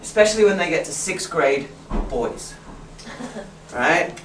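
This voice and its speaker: Set back from the mic in a spacious room with a faint background hum, a woman with a low voice and lively intonation speaks unhurriedly. She's a teacher trainer explaining a classroom routine to colleagues in a workshop, laughing readily and slipping into her students' voices.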